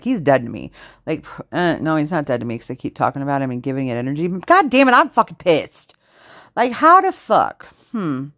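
Low-voiced woman venting profanely. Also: dry recording, clean studio sound. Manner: profane, fast-shifting, venting with heavy swearing. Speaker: podcast host. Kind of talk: unedited solo podcast rant.

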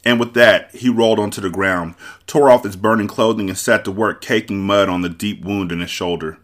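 The story unfolds at a steady, measured pace as a man with a low voice reads the novel aloud to his book club podcast listeners.

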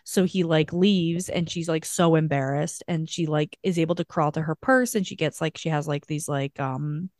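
A woman's voice: sits low, normal speed, few pauses, a little mellow, no echo, studio quality. A woman co-hosting a podcast, recapping a book in a rambling, casual way full of "like". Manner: rambling, heavy use of "like". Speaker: podcast co-host.

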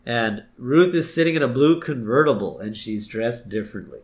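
A man's voice: lively intonation, normal speed. A man co-hosting a podcast, casually retelling scenes of a cartoon episode. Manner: retells scenes, puts on high character voices briefly. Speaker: podcast co-host. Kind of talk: casual episode recap chat.

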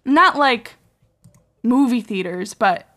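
A woman's voice: fairly high pitch, lively intonation, takes it slowly, a bit bright. Chatty woman host, lots of ums. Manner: rambling, filler-heavy with many "um" and "like". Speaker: podcast host. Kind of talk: casual storytelling chat.

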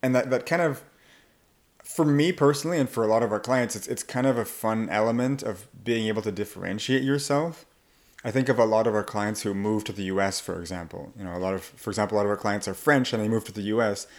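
A man's voice: lowish voice, fast. A man who works as an accent coach, talking casually in an interview and acting out the voices of people he quotes. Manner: animated, acts out quoted voices.

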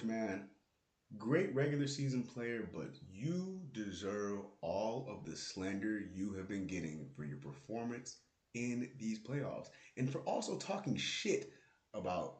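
A man hosting his own podcast, in a casual, profane, joking rant about basketball. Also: lowish voice. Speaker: podcast host. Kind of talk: casual solo basketball talk. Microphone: close podcast mic with plosive pops. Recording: roomy, echoey room.

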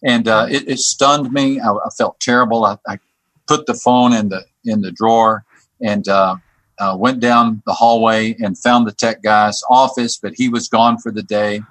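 A man who works on a church staff tells a personal story as a guest. He talks haltingly, repeating words and restarting his sentences. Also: fairly low pitch, steady tone, a bit bright, no room sound. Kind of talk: telling a personal story on a podcast.

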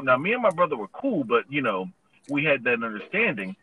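A man's voice: medium pitch, big pitch swings, normal speed, phone-quality sound, a little hiss or hum. A man in his thirties casually telling a long personal story, laid-back and full of "you know" fillers.

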